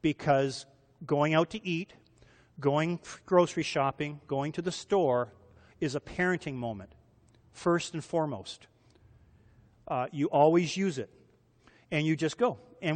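Male preacher, sermon, slightly high voice, chatty, rhetorical questions, long hall echo. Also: measured pace, pauses often. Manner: conversational, asks the audience rhetorical questions. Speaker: pastor.

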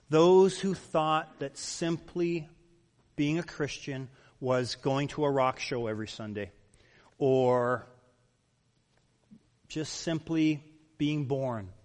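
A man's voice: medium pitch, darkish tone. A male pastor preaching a sermon, emphatic and full of rhetorical questions. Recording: long reverb of a large hall.

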